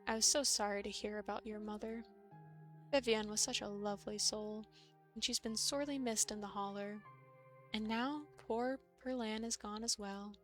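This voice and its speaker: A woman's voice: mid-range voice, steady tone, soft background music, lightly acted. A woman playing a gracious, knowing older lady. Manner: gentle, polite, unhurried.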